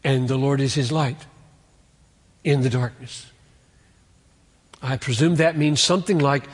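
A man preaching an expository sermon, earnest, building to emphatic peaks and then dropping low. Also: unhurried, pauses often, a bit bright, husky, in a large hall. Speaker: pastor.

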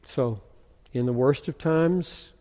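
A man's voice: mid-range voice, takes it slowly, mellow. A man preaching a sermon, asking rhetorical questions and reading scripture aloud with rising, emphatic force. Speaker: pastor. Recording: long hall reverb.

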